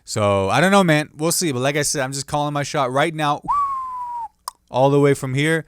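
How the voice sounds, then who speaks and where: A man's voice: a little high, normal speed, clean tone, dry recording, studio quality. Loose-riffing male comedian podcast host. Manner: loose, riffing, jokey asides with playful put-on quotes. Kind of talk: solo comedic news riff.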